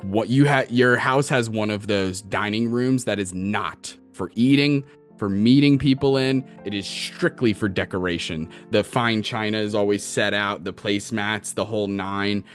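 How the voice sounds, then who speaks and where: A game master narrating a tabletop game, giggly and playful, improvising descriptions as they go. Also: mid-range voice.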